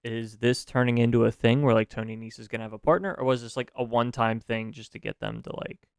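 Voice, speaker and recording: A man co-hosts a podcast in easygoing conversation, rambling and leaning on fillers, often repeating words as he thinks. His voice is smooth and clear, and the recording is dry and close. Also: mid-range voice, steady tone, fast talker, no echo. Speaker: podcast co-host. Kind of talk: casual chat.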